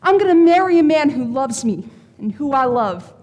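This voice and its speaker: A woman's voice: high-pitched, very animated, moderate pace, a little mellow, big-room sound, dull audio. A woman playing a blunt, wisecracking fake fortune teller in a stage play. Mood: impassioned.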